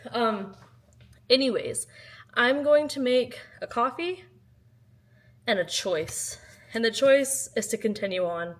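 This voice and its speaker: A woman vlogging casually about books at home, chatty and animated, swinging between loud exclamations and quiet asides. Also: fairly high pitch, takes it slowly, pauses often. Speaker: book vlogger. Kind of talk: casual vlog chat. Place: at home, in her kitchen.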